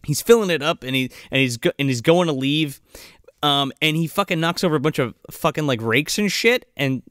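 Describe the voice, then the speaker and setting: A man co-hosting a casual movie podcast, swearing a lot and retelling scenes in an excited, rambling way. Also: on the high side, no echo, clean studio sound. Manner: swears a lot, acts out movie lines in loud goofy voices. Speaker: podcast co-host.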